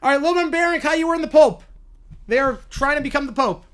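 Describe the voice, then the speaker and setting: A man live-streaming, reading a silly story aloud with playful, animated asides. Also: extremely high pitch, fast.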